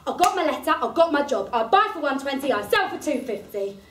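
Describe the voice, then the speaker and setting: A woman's voice: high voice, big pitch swings, a little fast, fairly bright tone, echoey room, a little hiss or hum. An actress playing a chatty working-class woman, in a one-woman stage monologue. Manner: gossipy, laughing storyteller. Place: theatre performance space.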